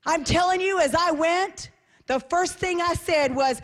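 A woman preaching a sermon as host, emphatic and repetitive, dropping to a soft voice at times. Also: very high voice, lively intonation, a little slow. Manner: emphatic, repeats phrases, drops to soft voice for quiet parts.

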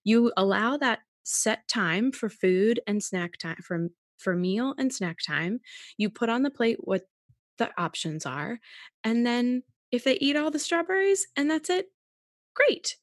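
A woman's voice: on the high side, expressive, a little slow, no echo. Woman podcast host, conversational, dry close mic. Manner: warmly agreeing, conversational. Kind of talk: casual interview talk.

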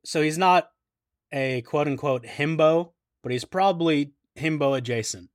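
A man's voice: a little high, measured pace, no echo, clean studio sound. A man co-hosting a podcast, joking in a sarcastic, profane way. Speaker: podcast co-host. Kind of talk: casual podcast banter.

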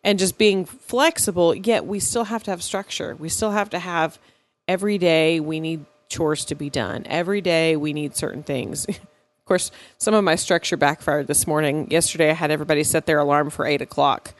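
A woman's voice: on the low side, normal speed. An American woman co-hosting a podcast in easy, chatty talk, laughing often. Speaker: podcast co-host. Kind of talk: casual podcast chat.

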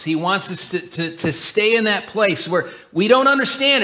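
An earnest man preaching a sermon as a church elder, his voice pitched a little high and strikingly bright. He talks to the congregation conversationally, restarting phrases as he goes. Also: animated, normal speed.

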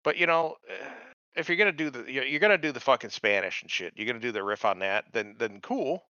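A man talks casually as a podcast co-host, his pitch swinging wide as he riffs and swears through mocking asides. His voice sounds bright and forward. The sound is dry and a little dull, like a lo-fi recording. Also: brisk, no echo. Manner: profane, animated, mocking asides. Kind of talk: casual chat reviewing a TV episode.

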